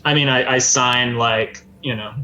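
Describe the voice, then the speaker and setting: A man's voice: mid-range voice, steady tone, a little slow, pushed and bright. A man playing a tabletop game, cautiously asking questions about the scene. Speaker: player. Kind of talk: casual tabletop play. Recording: dull, slightly muffled sound with faint noise.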